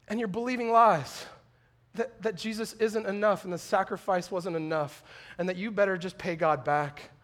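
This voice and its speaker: A man preaching a sermon, animated and conversational, acting out little dialogues and swinging from joking asides to loud, impassioned appeals. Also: high voice. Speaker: pastor.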